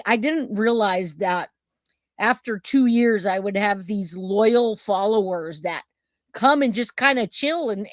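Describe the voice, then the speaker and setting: A woman's voice: medium pitch, dry recording, studio quality. A woman hosting a casual live stream, chatting and rambling as she greets viewers by name. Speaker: livestream host.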